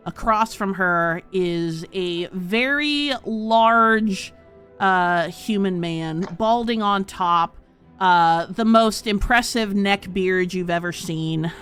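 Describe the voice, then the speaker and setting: Woman running a tabletop game, smooth clear voice, rambles with lots of ums and uhs. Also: medium pitch, slow, fairly bright tone, soft background music. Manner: chatty, many "um"s and "uh"s. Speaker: game master.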